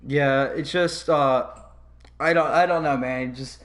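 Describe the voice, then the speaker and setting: A man's voice: medium pitch, steady tone, takes it slowly, fairly bright tone. A man hosting a casual podcast, ranting in a heated way with plenty of swearing. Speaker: podcast host.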